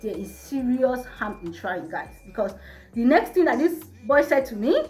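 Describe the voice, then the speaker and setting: Lively storytime woman in a roomy space. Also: a little high, normal speed. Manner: animated, chatty, addresses viewers as guys. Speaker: vlogger. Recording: roomy with faint music.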